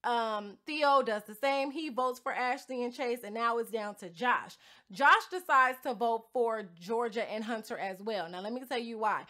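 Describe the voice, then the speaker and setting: A young woman with a high voice recaps the week's drama in a loose, animated way, full of slang and quick laughs. Her tone is bright and a little sharp. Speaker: podcast host recapping a reality show. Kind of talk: casual storytelling recap.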